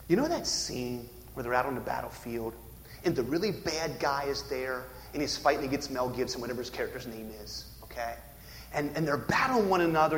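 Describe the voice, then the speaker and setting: A male pastor preaching with a high voice that leaps up and down in pitch. He tells stories, quizzes his listeners, and drops to near-whispers between louder peaks. The sound rings with long reverb in an echoey church hall. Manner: animated, swinging from loud peaks to hushed near-whispers; asks the congregation questions, storytelling. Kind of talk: sermon.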